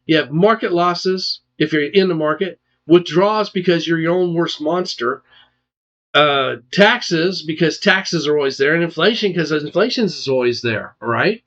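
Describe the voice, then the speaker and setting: A man with a slightly high voice walks through retirement figures as a financial advisor. He talks emphatically and keeps checking in with "okay?" and "all right?". The recording sounds muffled and lo-fi. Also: moderate pace, fairly bright tone. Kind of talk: explaining retirement charts. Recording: dull lo-fi sound.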